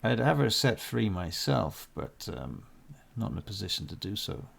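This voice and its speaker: A man's voice: on the low side, big pitch swings, normal speed, creaky, slightly rough, exaggerated voice. A man voicing a chatty, wary male tavern keeper in a tabletop game, talking in a confiding, gossipy way.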